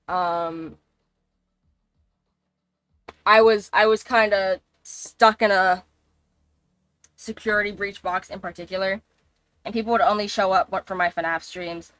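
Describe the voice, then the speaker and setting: A woman's voice: medium pitch, fairly bright tone, no echo. A woman streaming a game live, chatting in a rambling, casual way and swearing freely. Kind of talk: casual gaming livestream chat.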